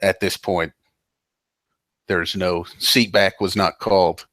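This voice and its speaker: A man's voice: sits low, steady tone, slow, fairly bright tone, dry recording. A man narrating as game master, rambling with lots of fillers and restarts.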